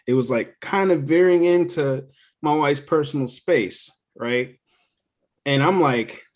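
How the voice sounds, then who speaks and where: Young male co-host, casual chat, animated, profane, laughs often. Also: mid-range voice. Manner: animated storyteller, swears freely, laughs often. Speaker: podcast co-host.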